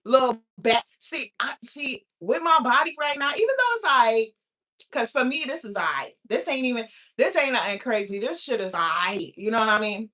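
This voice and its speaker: Brash, bright-voiced woman in her thirties. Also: a little high, animated, moderate pace. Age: 30s. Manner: brash, profane, loud and laughing. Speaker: podcast host. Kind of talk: casual chat.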